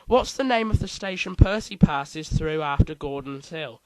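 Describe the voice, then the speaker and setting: A man's voice: fairly high pitch, expressive, moderate pace, a little mellow, no room sound, rough recording. A man hosting a casual quiz, reading out multiple-choice options with playful asides. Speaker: quiz host.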